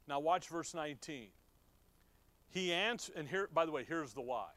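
A man's voice: on the high side, lively intonation, normal speed, a bit bright, no room sound. A middle-aged man teaching from the Bible in a conversational way, reading verses aloud and asking his listeners questions. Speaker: preacher.

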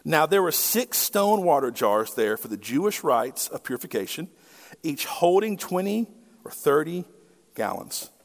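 A man's voice: fairly high pitch, sing-song, unhurried. A middle-aged male pastor preaching a sermon in a conversational way, often putting rhetorical questions to his listeners. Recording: long hall reverb.

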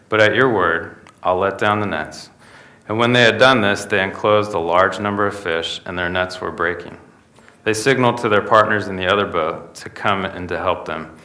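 A man's voice: low-pitched, sharp tone. A young man preaching a sermon in a conversational way, often tossing in rhetorical asides to the listeners. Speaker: pastor.

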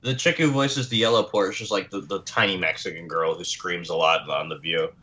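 A man's voice: deep voice, fairly even intonation, brisk, bright, forceful tone, muffled recording. A man rambling through a casual movie review, slipping in and out of joking accents. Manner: rambling, slips into mock accents. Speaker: podcast co-host.

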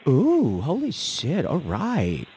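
A man in his fifties hosting a podcast call-in show, with profane, gruff banter. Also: a little high, huge pitch swings, slow, darkish tone, slight background noise. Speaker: podcast host. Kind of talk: casual call-in chat.

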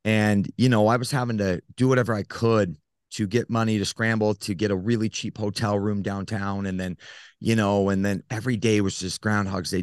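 A man with a very low, deep voice tells his own story as a podcast guest. He speaks earnestly and haltingly, often pausing on fillers. The sound is dry and close, with no room around it. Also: dry recording. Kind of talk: personal storytelling in an interview.

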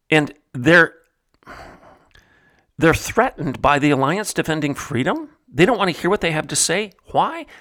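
A man from Oklahoma hosting a commentary show, talking emphatically like a preacher, repeating phrases for stress and dropping low and quiet for disdain. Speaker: podcast host. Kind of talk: commentary monologue.

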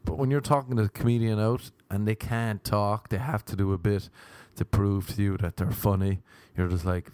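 Sardonic Irish man, low voice. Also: level tone, a little slow, a little mellow, clean tone, no room sound. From Ireland. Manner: rambling, sardonic, ranting. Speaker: comedian and podcast host. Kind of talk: casual podcast chat.

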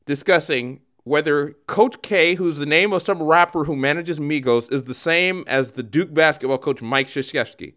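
A man hosting a comedic radio show, explaining things in a mock-solemn, deadpan way. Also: fairly high pitch, moderate pace, hardly any pauses.

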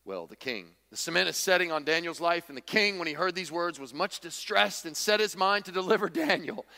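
A man's voice: on the high side, lively intonation, brisk, gravelly, pushed and bright, in a large hall. A man preaching a sermon, emphatic and repetitive, with folksy humor. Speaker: pastor.

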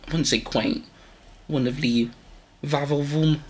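A man's voice: a little high, fairly even intonation, a little slow. A man co-hosting a podcast, talking in rambling, self-interrupting casual chat. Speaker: podcast co-host.

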